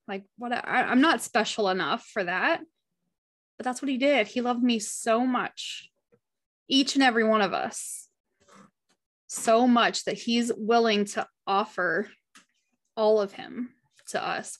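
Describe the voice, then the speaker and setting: A woman leading a casual Bible study, reading passages aloud and talking about them in an earnest, heartfelt way. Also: mid-range voice. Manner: earnest and heartfelt, chatty with frequent "like".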